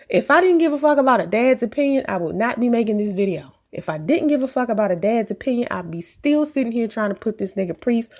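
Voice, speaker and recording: A woman's voice: fairly high pitch, a little mellow. A pregnant woman vlogging casually as she reads and answers viewer comments, blunt and profane, laughing often.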